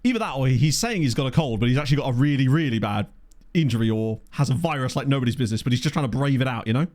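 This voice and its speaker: Male game streamer, animated pitch, thinks out loud and cracks jokes to chat. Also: rapid-fire. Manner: chatty, thinking aloud, joking with chat. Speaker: gaming video creator. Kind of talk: casual gameplay commentary. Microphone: desktop USB microphone.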